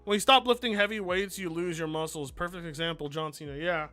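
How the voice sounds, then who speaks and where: A man's voice: on the high side, fairly quick, pushed and bright, soft background music. A man streaming live, chatting loosely, swearing freely and reading out donations. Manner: rambling, swears freely, reads donations aloud. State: mellowed out. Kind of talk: casual livestream chat.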